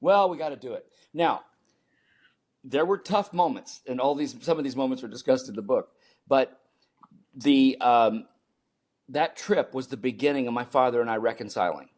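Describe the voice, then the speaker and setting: An older man tells personal stories as a podcast guest, lively and expressive. He slips into the voices of the people he talks about, then drops back to his own middle-pitched voice. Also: moderate pace. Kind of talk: storytelling in a podcast interview.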